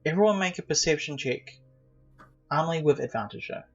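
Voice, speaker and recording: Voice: mid-range voice, lively intonation, fairly quick, soft background music. Stammering game master, dull lo-fi sound. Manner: stammering, chuckling. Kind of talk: narrating a tabletop game. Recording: slightly dull lo-fi audio.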